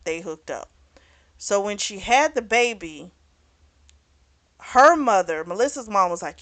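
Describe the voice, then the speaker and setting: A woman's voice: mid-range voice, lively intonation, measured pace, long pauses, a bit bright, no room sound. A woman casually recapping a novel's plot as a book reviewer, chatty, with fillers and restarts.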